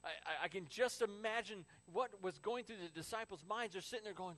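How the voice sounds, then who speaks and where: Male preacher, sermon, animated narrator swinging from hushed to loud. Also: high-pitched, brisk, few pauses, rough recording. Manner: animated storytelling, from hushed to exclaiming. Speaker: pastor.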